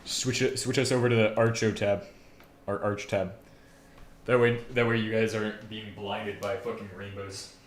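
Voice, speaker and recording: A man's voice: lowish voice, little pitch movement, moderate pace. A young man streaming casually, rambling, joking and swearing to himself as he works at a computer. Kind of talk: casual live-stream chatter while working. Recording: echoey room, faint background noise.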